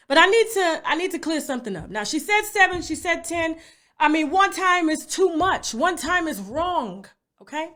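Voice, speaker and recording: Brief: high-voiced woman host, animated rant full of tag questions. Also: normal speed. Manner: animated, repeats tag questions like "okay?" and "you understand?". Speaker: YouTube commentary host. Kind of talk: livestream rant to viewers.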